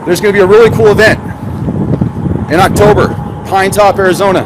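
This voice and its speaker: High-voiced sarcastic man driving. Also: fairly even intonation, fairly quick. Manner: sarcastic, rambling, asks the viewers questions. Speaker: live-stream host. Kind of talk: casual live-stream chat while driving. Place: in a car on the road. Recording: loud road and wind noise. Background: car and wind noise.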